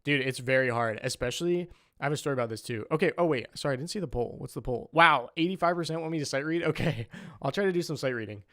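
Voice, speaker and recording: Bright and forceful in tone, this young saxophonist talks fast at a medium pitch while chatting on his livestream. His casual rambling is peppered with "like" and "um."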